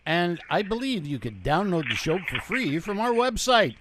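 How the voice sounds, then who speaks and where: A man co-hosting a casual podcast, goofy and lively, reading the show announcements. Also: high voice, moderate pace, background noise. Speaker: podcast co-host. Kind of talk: casual chat.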